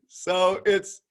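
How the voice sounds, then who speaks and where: A man with a slight Southern drawl hosting a podcast interview. He has a relaxed, pleasant manner and thinks aloud with many restarts. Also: sits high, creaky. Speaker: podcast host. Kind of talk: casual conversational interview.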